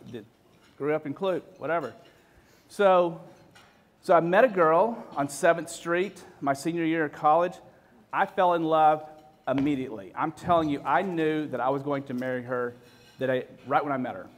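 A man's voice: on the high side, moderate pace. A man, telling stories to an audience in a joking, self-deprecating way, full of restarts and acted-out quotes. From Texas. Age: 50s. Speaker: speaker. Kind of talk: storytelling talk to an audience.

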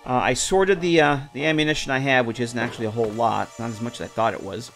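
A man's voice: mid-range voice, fast talker, fairly bright tone, soft background music. A man casually streaming a game, rambling with lots of fillers and chatting with viewers. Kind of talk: casual live-stream commentary.

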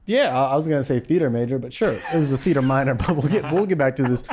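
Animated young man telling stories. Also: medium pitch, fast. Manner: animated storyteller, swears freely, acts out quotes. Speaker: podcast co-host. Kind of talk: casual chat.

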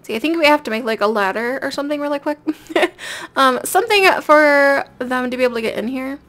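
A woman's voice: high voice, lively intonation, fairly quick, a bit bright. A woman giving casual let's-play commentary, chatting away and talking straight to the characters on screen. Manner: chatty, talks directly to the game characters. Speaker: gameplay video creator.

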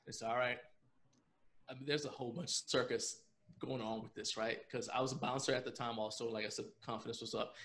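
A man with a mid-range, slightly bright voice is a guest on a podcast, telling a story loosely and rambling along. He laughs often, restarting sentences and filling gaps with fillers.

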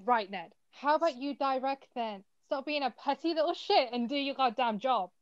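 Brief: a woman as a firm, scolding young woman; high voice, dry muffled call sound. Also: moderate pace, dry recording, lightly acted. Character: blunt, no-nonsense young woman. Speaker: student actor. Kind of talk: online amateur drama over video call. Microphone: video call. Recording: dry lo-fi video call audio.

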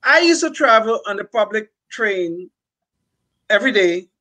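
An older man from California co-hosts a political podcast, offering commentary emphatically and often restarting his sentences. His voice is high and sharp, animated but at a measured pace.

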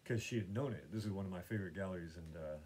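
A man's voice: low voice, racing, darkish tone, slight background noise. A man hosting his own podcast, chatting casually about painting and gallery visits in a meandering way, full of fillers and restarts. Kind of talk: casual rambling chat.

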